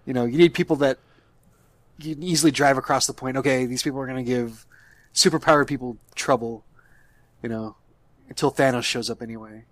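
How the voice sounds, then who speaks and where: A man giving his take in a casual movie review chat, at an ordinary middle pitch. He talks hesitantly, doubling back on words. The sound is dry, with no room echo. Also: fairly even intonation, brisk, pauses often. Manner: hesitant, repeats words often. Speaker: podcast co-host.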